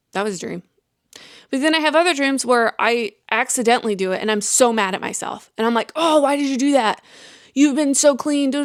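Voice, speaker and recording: A woman's voice: on the high side, no echo, studio quality. A young adult woman hosting a podcast, talking candidly and earnestly, rambling with restarts and acted-out self-talk. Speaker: podcast host.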